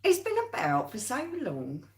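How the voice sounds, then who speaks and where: A woman in easy conversation on a live stream, at an ordinary mid pitch for a woman. She talks chattily and teases her co-host. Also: huge pitch swings. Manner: chatty, quick to laugh and tease. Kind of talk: casual chat.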